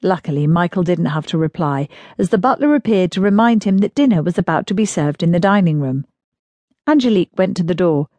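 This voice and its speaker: Mellow woman narrating an audiobook. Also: lowish voice, lively intonation, a little fast, dry recording. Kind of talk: scripted narration of a period romance.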